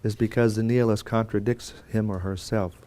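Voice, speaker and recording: A man's voice: lowish voice, steady tone, fairly quick, mellow. A man teaching a Bible course in a conversational lecture style, with fillers and restarts and quotes acted out. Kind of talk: classroom lecture.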